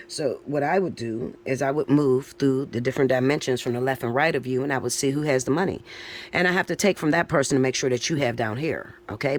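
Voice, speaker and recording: A man giving a casual spoken tarot reading, talking loosely and informally and checking in often with his listener. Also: medium pitch. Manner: chatty, tags lines with "all right?" and "okay?"; loose and informal, with occasional swearing. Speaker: tarot reader.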